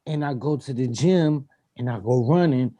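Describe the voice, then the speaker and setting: A man's voice: mid-range voice, normal speed, dark tone. A man co-hosting a casual chat, laughing often and acting out phone calls in playful voices. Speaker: co-host.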